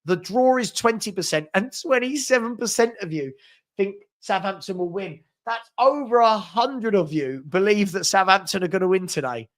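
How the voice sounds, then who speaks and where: A man's voice: sits high, moderate pace, fairly bright tone. A young man hosting a casual live football fan chat, reading comments aloud with lots of fillers and restarts.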